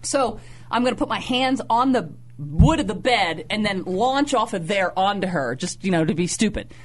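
A woman co-host telling a funny personal story in casual chat, acting out her own panicked voice with high squeals. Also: moderate pace. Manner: animated, squeals in high pitch when acting out pain. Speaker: radio show co-host.

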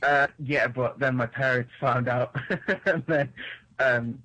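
A man's voice: medium pitch, fairly even intonation, slow pace, sharp tone, rough recording. A British man calling in to a talk show, shy and giggly. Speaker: caller. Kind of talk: call-in chat.

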